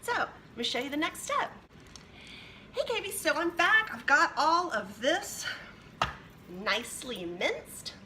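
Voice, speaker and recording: A woman's voice: high-pitched, big pitch swings, slow, long pauses, sharp tone, slight background noise. A woman hosting a home cooking demonstration, chatting her way through each step as she works in her kitchen. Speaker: cooking show host.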